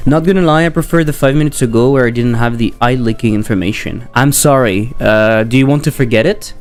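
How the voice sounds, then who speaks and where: A man's voice: mid-range voice, fairly quick, hardly any pauses. A man with a French accent, a game developer chatting casually on a livestream, rambling and joking as he reads chat aloud.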